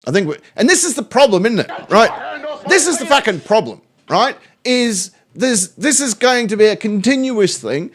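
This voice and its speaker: A man's voice: sits high, very animated, moderate pace. A man with an Australian accent, hosting a channel and reacting to social media posts in a sweary, sarcastic way. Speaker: channel host.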